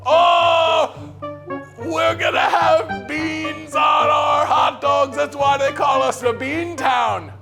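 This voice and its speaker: A young man, a student contestant, loudly yelling improvised hot dog sales pitches in mock accents. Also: steady tone, slow, vocal fry. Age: young adult. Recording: music playing behind.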